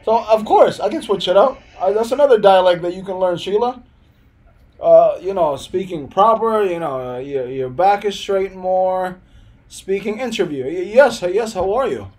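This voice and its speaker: A man's voice: sits high, lively intonation, normal speed, darkish tone, low-quality recording. Laid-back young man. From Hempstead, New York. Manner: loose, rambling, laughs often, answers chat. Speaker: live streamer. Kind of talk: casual live-stream chat.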